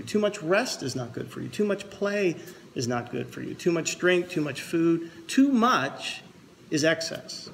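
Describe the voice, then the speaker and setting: A slightly high-pitched man delivers a eulogy at a memorial service, earnest and reflective. He tells jokes in between as a storyteller. A faint hum of the room sits behind him. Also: creaky. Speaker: son giving a eulogy. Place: memorial service with a pastor present.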